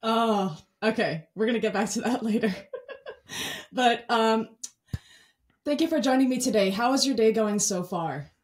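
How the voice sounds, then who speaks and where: A bubbly young woman hosts a casual podcast chat, laughing often between her sentences. Her voice sits a little higher than most. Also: normal speed. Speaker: podcast host.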